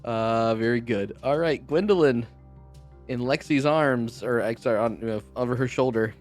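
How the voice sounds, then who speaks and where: A male game master narrates a tabletop game in a relaxed, filler-laden way. His pitch sits in a middling range, with faint music behind him. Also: moderate pace. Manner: relaxed, with fillers and short acknowledgements.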